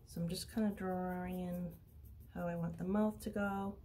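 A woman's voice: lowish voice, steady tone, normal speed, warm tone, slight background noise. A woman teaching a craft lesson, casually narrating each step as she works. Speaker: art teacher. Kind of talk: craft demonstration.

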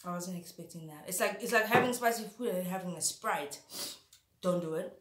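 A woman's voice: fairly low pitch, a little fast, roomy sound, crowd noise. A woman chatting theatrically while eating spicy food, sometimes talking with her mouth full. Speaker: YouTuber. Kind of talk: casual eating vlog chat.

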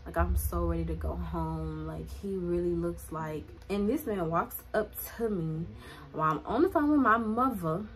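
A woman telling a personal story to her viewers in a casual vlog, animated and chatty, filling her talk with "like". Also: lowish voice, normal speed, poor audio. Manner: animated, chatty, heavy use of "like", talks straight to viewers. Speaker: vlogger.

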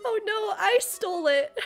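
A woman's voice: very high voice, animated, slow pace, a bit bright. A woman hosting her gaming channel, giving playful, giggly let's play commentary into a desk microphone. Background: game music.

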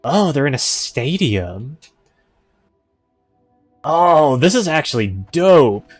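A man's voice: fairly high pitch, sing-song, slow, no echo, soft background music. Chatty male game streamer. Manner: chatty, musing aloud, easily impressed. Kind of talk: casual gameplay commentary.

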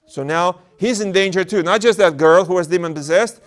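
A man's voice: high-pitched, fairly quick, hardly any pauses. A man, an Orthodox priest, delivering a sermon and often repeating words as he works through a thought.

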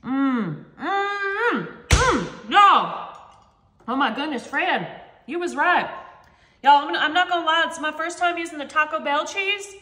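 A woman's voice: high voice, moderate pace, bright, forceful tone. A woman chatting playfully through a home cooking demonstration, talking to viewers as y'all. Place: home kitchen. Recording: echoey kitchen with faint noise.

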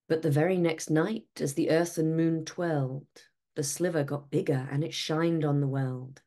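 A woman narrating a rhyming picture book aloud in a measured, expressive storyteller's delivery. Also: low voice.

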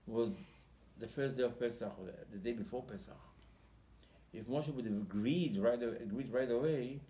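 A man with a darkish, mid-range voice gives a Torah sermon as a rabbi, animatedly acting out the dialogue and repeating words as he searches for phrasing. There is slight background noise, roomy echo and faint ambience.

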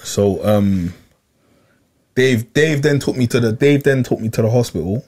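A man's voice: medium pitch, moderate pace, a little mellow. Young guy telling a story, lots of slang, keeps repeating himself. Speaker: podcast regular. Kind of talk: casual storytelling chat.

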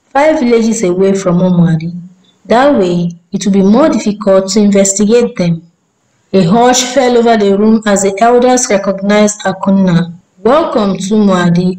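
A woman tells a folk tale in a steady, measured way. Her voice sits at a middle pitch with a dark, mellow tone. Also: rough recording. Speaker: storyteller. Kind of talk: scripted story narration.

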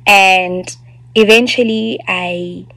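A woman's voice: medium pitch, fairly even intonation, very slow, vocal fry, bright, forceful tone, dry recording, rough recording. A South African woman in her twenties, speaking candidly as a vlogger telling a personal story, with lots of fillers and asides.

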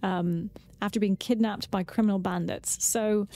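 Mellow woman recapping podcast trivia. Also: medium pitch, fairly even intonation. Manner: informative, measured, with fillers. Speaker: podcast co-host. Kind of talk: casual chat, recapping trivia.

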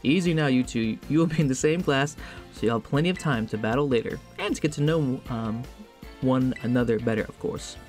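A man's voice: medium pitch, brisk, a little mellow, soft background music, natural voice. A man voicing a formal, polite middle-aged school director in a game. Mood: gentle.

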